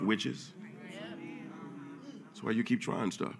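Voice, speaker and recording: Bright-voiced man preaching loudly. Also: expressive, normal speed. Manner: swings from low murmurs to loud shouting; casual preaching with slang. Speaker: pastor. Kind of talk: sermon. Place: church.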